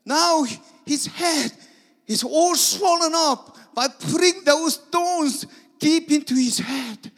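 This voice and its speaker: A man's voice: slow, heavily acted. A preacher voicing panicked disciples of his master, crying out in despair. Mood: frantic. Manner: frantic, pleading, high and loud. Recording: long hall reverb.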